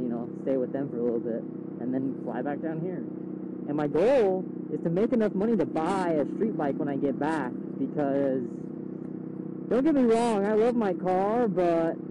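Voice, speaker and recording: Young man rambling from a motorcycle. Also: a little high. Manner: rambling, swears freely, loud bursts when retelling. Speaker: motovlogger. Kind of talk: casual riding commentary. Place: outdoors on a motorcycle in town traffic. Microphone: helmet mic. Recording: dull helmet mic, loud road noise. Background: engine and traffic noise.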